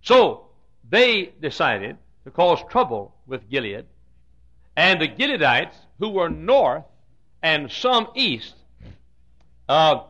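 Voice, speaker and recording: Southern preacher, folksy humor, high animated delivery, old lo-fi tape sound. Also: male voice. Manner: folksy, joking asides, frequent throat clearing. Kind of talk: humorous sermon storytelling. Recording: dull lo-fi sound.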